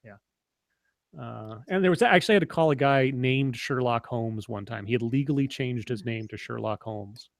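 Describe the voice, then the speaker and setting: A man's voice: medium pitch, normal speed, creaky, no echo. A man co-hosting a casual online chat, telling long stories with many fillers and restarts. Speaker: podcast co-host.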